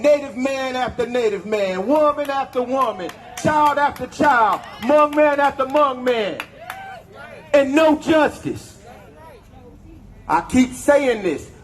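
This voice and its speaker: A man's voice: very high voice, animated, takes it slowly, rough recording. A man giving a raw, profane speech at an outdoor protest, leading the crowd in chants. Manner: angry, profane, leads chants. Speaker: protest speaker. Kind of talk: impassioned rally speech.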